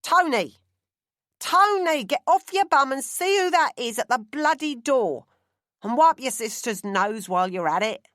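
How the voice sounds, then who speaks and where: A woman's voice: high voice, lively intonation, measured pace, fairly bright tone, dry recording, clean studio sound, pitched above the performer's own voice. A woman reading an audiobook, voicing a harried, scolding working-class mother from London. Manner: screeching, scolding. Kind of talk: audiobook character voice.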